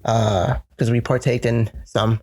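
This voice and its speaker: A man's voice: mid-range voice, measured pace, slightly rough. A young man on a podcast telling a long story in casual chat, cursing freely and acting out other people's lines. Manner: profane, rambling, animated retelling with voiced quotes. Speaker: podcast co-host.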